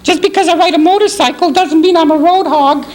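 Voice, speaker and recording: A man voicing a vain, swooning female pig puppet in falsetto. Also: brisk. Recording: banquet hall with crowd laughter.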